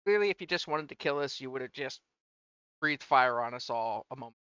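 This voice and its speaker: A man's voice: medium pitch, lively intonation, fairly quick, sharp tone, clean tone, dry recording. A man playing a tabletop game, blunt and argumentative as he bargains in character. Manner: blunt, argumentative, pushes to the point. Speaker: player. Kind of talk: casual tabletop game chat and in-character negotiation. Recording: dull lo-fi mic.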